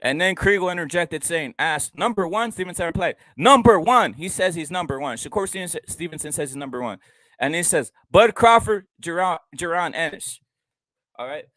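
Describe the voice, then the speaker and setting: Guy on a profane rant reading boxing articles, kinda high voice, dry sound. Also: expressive, moderate pace, bright, forceful tone, no echo, rough recording. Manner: profane, ranting, reads articles aloud. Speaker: boxing commentary host. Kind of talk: ranting solo commentary.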